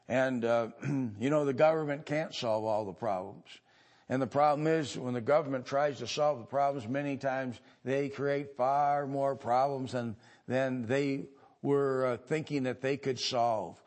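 A male pastor from the United States preaches a sermon in a mid-range voice with a steady tone. He halts and pauses often, using many fillers, then builds to louder, emphatic stretches.

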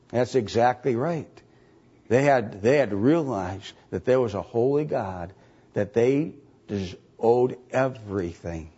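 A man's voice: medium pitch, lively intonation, measured pace, warm tone, husky. A man preaching a sermon, reading scripture aloud and pressing the congregation with emphatic repeated questions. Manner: reads archaic scripture aloud. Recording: dull lo-fi recording.

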